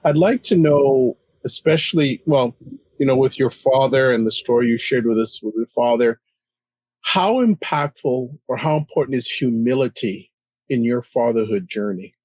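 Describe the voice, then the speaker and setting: A man co-hosting a podcast, asking his guest questions in a measured, slightly halting way. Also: medium pitch, darkish tone, no room sound, rough recording. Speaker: podcast co-host. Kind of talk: interview questions.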